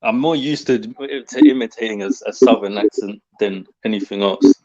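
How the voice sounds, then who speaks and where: British man, guest, relaxed, laughing, dull lo-fi audio. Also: lowish voice, normal speed. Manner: laughing, easygoing. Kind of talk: casual chat.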